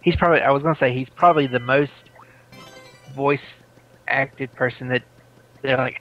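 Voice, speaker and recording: A man's voice: medium pitch, level tone, brisk, bright, forceful tone, soft background music. A man hosting a let's play, chatting casually and rambling with restarts while he plays. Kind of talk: casual gaming commentary. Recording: dull lo-fi capture.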